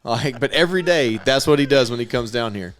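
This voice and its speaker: A man's voice: mid-range voice, animated, fairly quick, a bit bright. A man co-hosting a podcast, telling a funny story in casual chat and laughing often. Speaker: podcast co-host.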